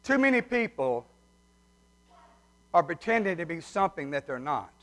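A man's voice: a little high, big pitch swings, normal speed, fairly bright tone. A man preaching a sermon, folksy and heartfelt as he tells stories. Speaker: pastor. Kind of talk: sermon with humorous story.

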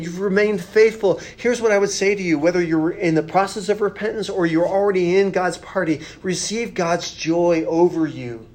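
A pastor giving a conversational sermon, earnest and plain-spoken, with rhetorical questions and repeated phrases. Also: male voice, high-pitched, darkish tone.

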